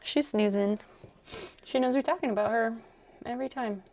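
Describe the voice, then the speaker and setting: A young adult woman streaming while she crafts, chatting casually and rambling softly as she thinks aloud. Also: on the high side, normal speed.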